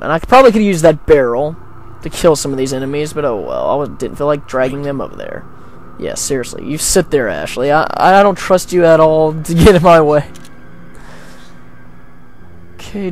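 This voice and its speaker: A man joking and rambling through a video game playthrough, with a gravelly, slightly high voice. His pitch bounces around a lot as he reacts to the game. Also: slight background noise. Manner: rambling, jokey, self-deprecating. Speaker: let's play gamer. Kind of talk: casual gameplay commentary.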